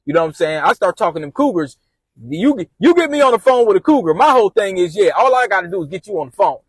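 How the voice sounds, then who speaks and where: A man with a fairly high voice telling a casual, rambling story, circling back and repeating himself as he talks. The sound is dry and close, with little room around it. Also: sing-song, quick pace, breathy edge, no echo.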